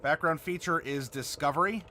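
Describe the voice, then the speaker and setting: A man's voice: a little high, normal speed, sharp tone. A man hosting a live stream, chatting casually and answering viewer comments while he builds a game character. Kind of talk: casual livestream chat.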